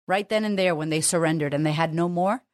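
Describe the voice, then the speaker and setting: A woman's voice: sits low, quick pace, no room sound, studio quality. Candid swearing woman confidence coach. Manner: candid, emphatic, swears freely. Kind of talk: motivational monologue.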